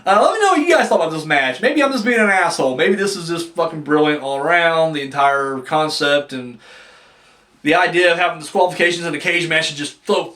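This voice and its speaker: A man's voice: on the high side, lively intonation, a little fast, bright, forceful tone. A man giving a casual, profane video review of a wrestling match, ranting with frequent restarts.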